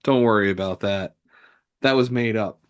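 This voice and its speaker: A man's voice: fairly low pitch, moderate pace, clear, resonant tone. A man co-hosting a podcast, laid-back and joking in casual chat. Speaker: podcast co-host.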